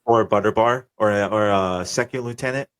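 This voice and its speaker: A young man with a fairly low voice hosts a casual podcast. He talks in a relaxed, profane way and stops to explain jargon for listeners. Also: brisk. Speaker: podcast host.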